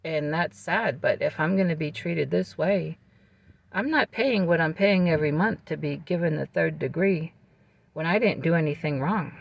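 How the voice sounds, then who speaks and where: A vlogger telling a personal story to camera in a calm, measured way, with fillers and restarts. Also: medium pitch, gravelly, highs cut off.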